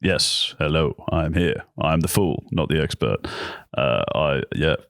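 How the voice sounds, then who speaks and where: Very deep, gravelly co-host. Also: male voice, a little slow, fairly bright tone, dry recording, clean studio sound. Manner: laid-back, rambling, laughing. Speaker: podcast co-host. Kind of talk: casual podcast chat over a remote call. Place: holiday spot on an island, recording remotely.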